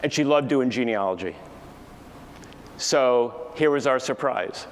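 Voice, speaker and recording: A man's voice: mid-range voice, unhurried, slight background noise. Man telling a story in a hall. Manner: animated storytelling, acts out family dialogue. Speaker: keynote speaker. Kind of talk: storytelling keynote talk. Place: large conference hall. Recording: distant echoey hall with faint ambience.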